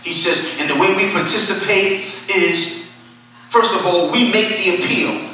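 A high, bright-voiced man preaches a sermon from a distance from the mic, his words ringing through a very echoey hall. He drops low and soft, then climbs into loud, passionate pleading. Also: measured pace, a little hiss or hum. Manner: swings from low and quiet to loud, impassioned preaching. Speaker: pastor.

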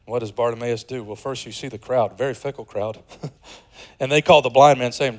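A man in his forties preaching a sermon, shifting from loud and excited to soft and hushed, with conversational, joking asides. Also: mid-range voice, fairly quick, low-quality recording. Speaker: pastor.

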